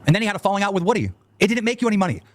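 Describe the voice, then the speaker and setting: Fast, heated man ranting. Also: high-pitched, animated, no echo. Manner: heated, repeats himself, swears. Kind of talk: angry ranting on a stream.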